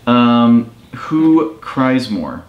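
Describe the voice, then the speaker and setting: A man's voice: medium pitch, big pitch swings, extremely slow, narrow, tinny audio. Chatty man with a roomy echo. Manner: chatty, teasing, enthusiastic storyteller. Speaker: vlogger's boyfriend. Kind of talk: casual couple Q&A chat.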